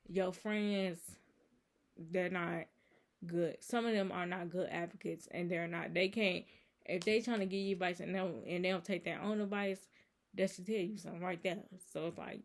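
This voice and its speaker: Earnest woman rambling about faith. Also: on the low side. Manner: rambling, earnest, many fillers like "you know" and "so it's like". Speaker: channel host. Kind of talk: casual faith vlog monologue.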